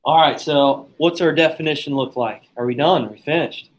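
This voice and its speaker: A man's voice: a little high, normal speed, poor audio. A man teaching a classroom lesson in a casual, joking, chatty way, telling stories and teasing his students.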